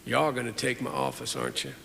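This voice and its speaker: A man putting on the voice of an elderly Southern senator who speaks slowly in a fatherly way and repeats his words, heard in a reverberant hall. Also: mid-range voice, sing-song, gravelly, a bit bright, slight background noise, heavily acted. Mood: solemn. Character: elderly male Southern senator, courtly and unhurried.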